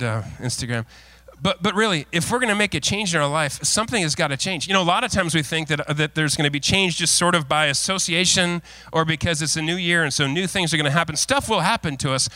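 A middle-aged male pastor preaching a sermon, mixing folksy, self-deprecating stories with earnest, lowered exhortation. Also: brisk, hardly any pauses, sharp tone, dry recording. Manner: folksy, self-deprecating storytelling with frequent laughs.

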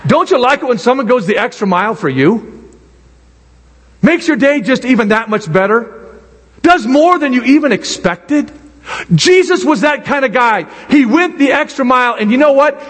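Husky high-voiced man preaching in a hall. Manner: animated, drawn-out emphatic preaching with acted asides. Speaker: pastor. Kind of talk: sermon. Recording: long hall reverb.

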